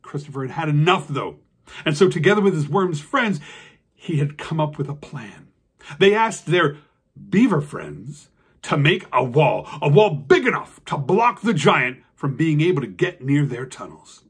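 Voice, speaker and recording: Animated, husky male storyteller. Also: fairly high pitch, a little slow. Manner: animated, with spoken sound effects. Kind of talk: children's storytelling.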